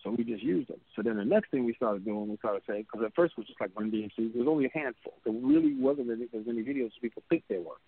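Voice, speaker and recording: A man in his fifties, an interview guest telling an animated story and acting out other people's lines in a higher voice. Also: quick pace, vocal fry, few pauses, a little hiss or hum. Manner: acts out quoted people in a higher voice. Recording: tinny phone-like line.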